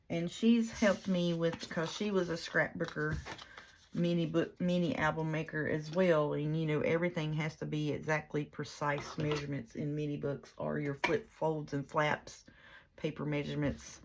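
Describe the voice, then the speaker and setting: A woman's voice: low-pitched, gravelly, a little hiss or hum. A woman chatting casually while she works on a junk journal, rambling with many fillers and restarts. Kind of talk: casual chat while crafting.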